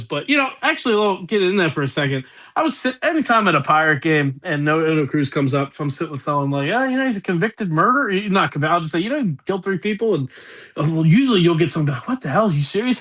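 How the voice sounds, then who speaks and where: A man's voice: fairly high pitch, fairly bright tone. A man with a Pittsburgh accent co-hosting a sports podcast, talking in rambling, profane, laughing banter. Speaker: podcast co-host. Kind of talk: casual sports chat.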